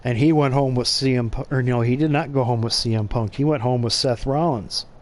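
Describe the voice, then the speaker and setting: A man's voice: medium pitch, fairly quick. Rambling, profane male gameplay commentator. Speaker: gaming channel host.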